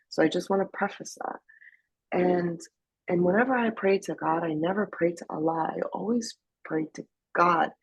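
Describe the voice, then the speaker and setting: Gravelly low-voiced woman from Afghanistan. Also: dry recording. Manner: candid, emotional, halting with restarts. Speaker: interview guest. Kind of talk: personal testimony storytelling.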